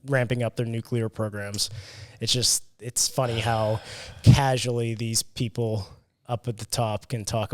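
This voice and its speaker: A young adult man co-hosting a podcast, relaxed and profane in casual chat. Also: medium pitch. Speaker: podcast co-host.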